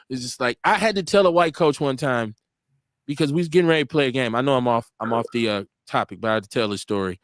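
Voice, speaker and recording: A man in his forties hosting an internet radio show, telling stories in a casual, animated way, acting out what people said and swearing freely. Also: mid-range voice, fast, no echo, clean studio sound.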